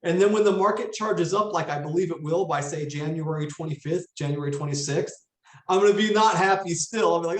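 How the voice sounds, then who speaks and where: A fairly high-voiced man talks through the week ahead in a loose, rambling way, circling back and restarting his sentences. He grew up in Las Vegas, and his voice rings in a roomy, echoey space. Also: a little fast. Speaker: co-host. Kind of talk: casual market chat.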